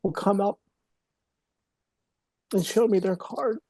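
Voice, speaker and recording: A man's voice: high voice, fairly even intonation, slow pace, no room sound. Earnest man telling a personal story. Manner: earnest, emotional storyteller, drops to a hushed voice at moments. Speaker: podcast guest, mental health speaker.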